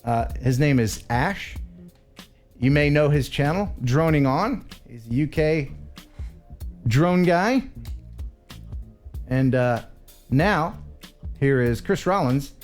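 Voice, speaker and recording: An American man hosting a casual live-stream chat, chatty and quick to laugh. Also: on the high side, animated, faint music behind. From USA. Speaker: host.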